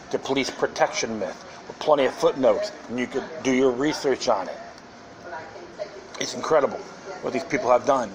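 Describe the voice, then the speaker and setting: A man's voice: mid-range voice, rough recording. Rambling, sarcastic male podcast host. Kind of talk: casual monologue.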